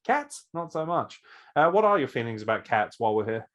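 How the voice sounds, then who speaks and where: Animated, joking man hosting a podcast. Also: medium pitch, fairly quick, muffled recording. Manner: joking, theatrical, mock-formal banter. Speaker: podcast host and interviewer. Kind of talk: casual comedic podcast chat.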